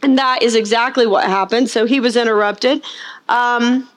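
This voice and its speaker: Emphatic woman preacher, rather high voice. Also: fairly even intonation, moderate pace. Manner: asks the congregation rhetorical questions; acts out scenes in funny voices. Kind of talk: sermon.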